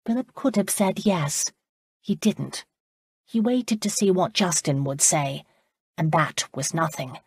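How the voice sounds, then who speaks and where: A woman narrating an audiobook in a steady, even storytelling manner. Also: lowish voice, slow, husky, dry recording, clean studio sound. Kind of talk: scripted narration.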